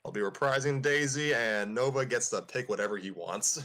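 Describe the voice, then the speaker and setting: A man's voice: mid-range voice, normal speed. Man casually reading fan fiction aloud. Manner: relaxed reading aloud, chuckling at the text. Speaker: host and narrator.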